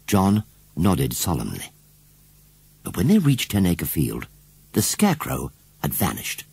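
Male audiobook reader, low and raspy, swooping animated delivery. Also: measured pace, no echo. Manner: expressive, animated storytelling. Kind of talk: storybook narration.

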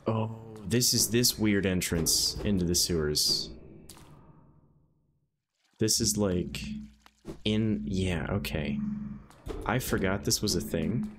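A man's voice: low voice, slow pace, long pauses, background noise. A young man from the northeastern United States streaming a video game, chatting in a rambling, easygoing way full of "um"s and "like"s. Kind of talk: casual live-stream commentary while gaming. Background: game music.

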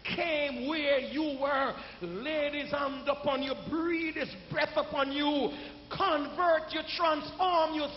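A man preaching a sermon as pastor, calling out to the congregation and building to shouts. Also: very high-pitched. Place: church sanctuary. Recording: echoey church hall, dull sound.

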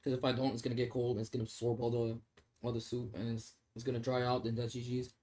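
A man's voice: medium pitch, completely flat delivery, fast talker, mellow. A young man streaming a mobile game, joking and swearing in casual chat while he answers comments and eats noodles. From Australia. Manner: laid-back, joking, swears, laughs often; talks while eating noodles.

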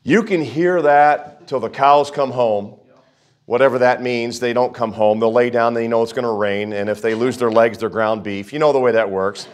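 A man's voice: medium pitch, normal speed. A man preaching a sermon in a folksy, conversational way, with jokes and asides, reading scripture aloud and praying. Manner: reads scripture aloud and prays. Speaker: pastor.

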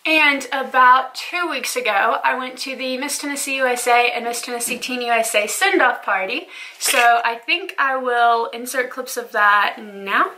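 A young woman talking to her camera in a casual, bubbly vlog, gushing and excitable between chats with friends. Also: on the high side, normal speed. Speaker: pageant titleholder vlogger. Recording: noisy event with chattering crowd.

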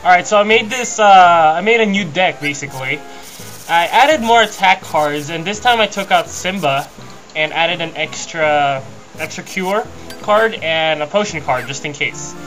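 A man's voice: on the high side, animated, normal speed, fairly bright tone, rough recording. Young man rambling over game music. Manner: rambling, easygoing, chatty. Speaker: let's play host. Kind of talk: casual gameplay commentary. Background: video game music.

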